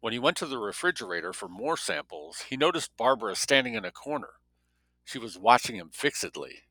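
Forceful low man reading a novel aloud. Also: sing-song, brisk, dry recording, rough recording. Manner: breaks off reading for wry spoken comments. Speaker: story reader.

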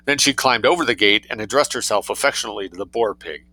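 A man narrating a story aloud in a wry, lively reading voice, adding his own commentary. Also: on the low side, fast, few pauses, rough recording. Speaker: reader and commentator.

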